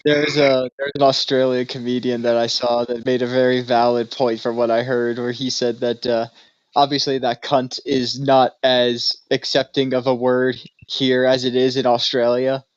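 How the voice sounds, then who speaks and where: A man's voice: mid-range voice, level tone, moderate pace, clear, resonant tone, no echo, muffled recording. A young man co-hosting a podcast in casual chat, telling rambling stories full of fillers. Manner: rambling storyteller, many fillers. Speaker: podcast co-host.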